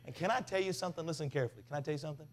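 A man preaching a revival sermon, telling stories with big swings from loud to hushed. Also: fairly high pitch, rapid-fire. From Tennessee. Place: revival tent.

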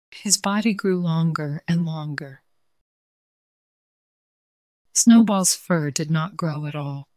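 A woman reading a bedtime story for children in a calm, gentle read-aloud manner. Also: low voice, dry recording, studio quality.

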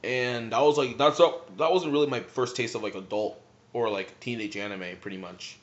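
A man's voice: mid-range voice, normal speed. Rambling young man telling anime stories. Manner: rambling, many "like" fillers. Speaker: vlogger. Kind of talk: casual storytelling. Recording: slightly muffled lo-fi recording.

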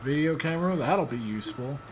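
A man's voice: fairly high pitch, expressive, fairly quick, a little hiss or hum. A young man giving casual, joking commentary while playing a video game, rambling and sarcastic. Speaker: let's play gamer.

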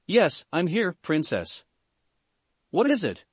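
A man's voice: high voice, wildly swooping pitch, slow pace, husky, no room sound, heavily acted. A man voicing a sinister snake-like male scientist who chuckles creepily and speaks with menace. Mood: grumbling. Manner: menacing, amused.

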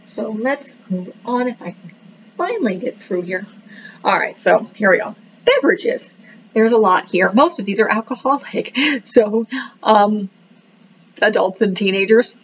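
A woman's voice: mid-range voice, measured pace, a little hiss or hum. A woman casually reviewing a book, rambling with many fillers and joking that she cannot pronounce the words. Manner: self-deprecating about pronunciation. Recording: dull lo-fi recording.

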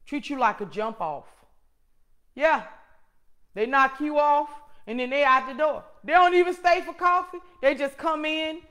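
A woman's voice: high voice, measured pace. Emphatic woman preaching her testimony. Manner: emphatic and preachy, swinging from loud to hushed. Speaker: host and motivational speaker.

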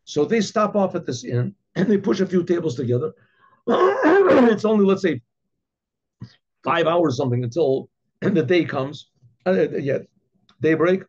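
A rabbi tells a folk story with lively animation and frequent restarts. His voice is high and husky, and the recording sounds dull and lo-fi. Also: a little slow, pauses often. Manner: animated, repeats words while telling a story.

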